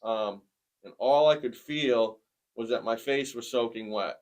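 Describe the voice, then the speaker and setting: A man in his forties giving a personal testimony in conversation, plainspoken and earnest, with many pauses. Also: mid-range voice, a little mellow. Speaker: interviewee sharing a testimony.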